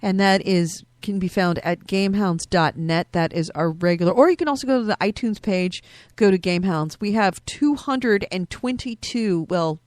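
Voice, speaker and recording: A woman's voice: mid-range voice, moderate pace, a little mellow, dry recording. A woman co-hosting a podcast in loose, joking chat that now and then turns profane. Her voice sits in a mid range. It is recorded close and dry, with no room sound. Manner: loose, joking, swears freely. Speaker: podcast co-host.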